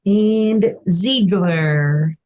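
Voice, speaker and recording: A woman taking the roll at a council meeting, reading names in a deliberate way. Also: lowish voice, a little mellow, rough recording. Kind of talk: roll call.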